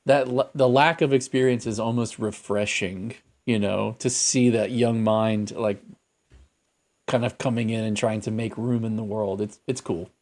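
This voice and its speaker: A man's voice: on the low side, steady tone, moderate pace, a little mellow. A man co-hosting a podcast, talking in a thoughtful, rambling way with many fillers and restarts. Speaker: podcast co-host. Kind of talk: casual podcast chat.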